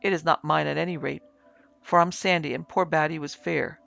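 A man voicing a blunt, matter-of-fact male house owner in a plain, brisk manner in an audiobook reading. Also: fairly high pitch, steady tone, creaky, bright, forceful tone, muffled recording, soft background music, exaggerated voice.

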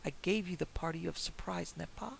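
A man's voice: high-pitched, a little fast, fairly bright tone, heavily acted, poor audio. A man doing a mocking little French detective. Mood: taunting. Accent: French, put on. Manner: mocking, upward lilting delivery. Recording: gravelly voice over faint hiss.

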